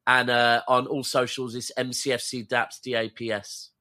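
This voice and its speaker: A man's voice: mid-range voice, little pitch movement, normal speed, pushed and bright. A man appearing as a guest on a casual football chat, laid-back and slangy, giving firm opinions. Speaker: guest pundit and YouTuber.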